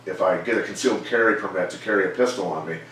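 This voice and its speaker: A middle-aged man, a former fighter turned coach, telling stories in a measured, plainspoken way during an interview. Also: sits low, a little hiss or hum. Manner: measured, plainspoken, animated when quoting others. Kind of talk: casual storytelling interview. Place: gym. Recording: echoey room, mic far off.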